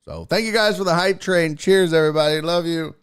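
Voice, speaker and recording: A man hosting a casual podcast livestream, telling stories in an animated, profane way and acting out sighs and panic. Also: fairly high pitch, brisk, smooth. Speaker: podcast host.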